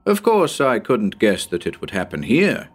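A man voicing a cranky elderly male professor with a squeaky voice and a severe, scornful manner. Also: moderate pace, slightly rough, heavily acted. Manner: severe, contemptuous, excitable.

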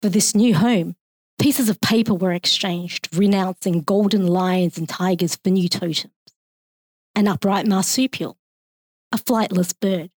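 A woman with an Australian accent reading her own poem aloud in a measured, expressive way. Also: medium pitch, dry recording, studio quality.

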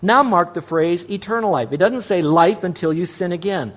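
A man preaching a sermon as a pastor, teaching verse by verse, swinging between quiet asides and emphatic repeated words. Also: high-pitched, normal speed. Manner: emphatic preacher who drops soft and rises on repeated words.

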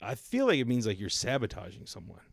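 A man co-hosting a podcast in casual chat, soft-spoken and hesitant, often trailing off. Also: mid-range voice, wildly swooping pitch, quick pace, creaky, husky, dry recording, studio quality. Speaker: podcast co-host.

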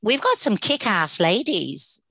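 A woman's voice: mid-range voice, very animated, unhurried, pushed and bright, breathy edge, dry recording. A woman co-hosting a podcast, talking in an earnest, chatty way with many fillers and restarts. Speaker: podcast co-host. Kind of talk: casual podcast chat.

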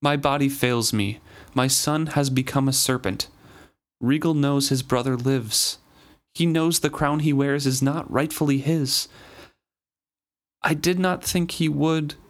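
A man reading the lines of a dying old king, betrayed by his son, in a quiet, grave voice. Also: mid-range voice, fairly even intonation, measured pace, voice pushed up, natural voice. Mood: grieving. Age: older.

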